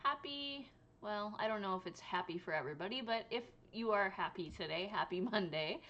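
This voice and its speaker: Woman vlogger, exhausted and giggly, loose rambling chat, crisp bright tone. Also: mid-range voice, animated, normal speed, dull audio. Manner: tired, rambling, laughs often. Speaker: crochet vlogger. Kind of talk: casual chat to camera. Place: home room.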